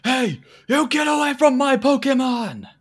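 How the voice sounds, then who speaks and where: A man's voice: lowish voice, lively intonation, moderate pace, a bit bright. A man voicing a fussy, formal older male professor. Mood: outraged.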